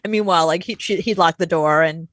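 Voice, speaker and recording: A woman's voice: lowish voice, fast, fairly bright tone, no room sound. Woman co-host spilling funny stories, frank and chatty, dry sound. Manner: candid, storytelling, laughs often. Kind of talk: casual chat.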